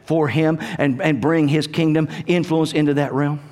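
A middle-aged man preaching. His voice sits high for a man, and he drives his points home with fervent, rising calls. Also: fairly even intonation, moderate pace, darkish tone. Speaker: pastor. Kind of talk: sermon.

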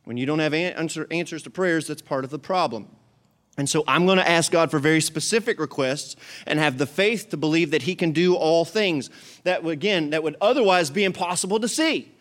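A man's voice: a little high, brisk, fairly bright tone. A male pastor preaching a sermon in a conversational way, repeating his key points for emphasis.

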